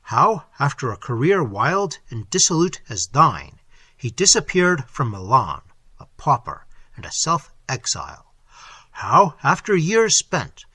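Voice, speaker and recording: A mysterious stranger delivers grave warnings in slow, archaic speech, as a man reading the tale puts him on. His tone is husky and bright, with a wide, shifting melody. The recording is close and dry. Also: mid-range voice, sing-song, no echo, heavily acted. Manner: solemn, prophetic, measured. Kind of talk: audiobook character voice.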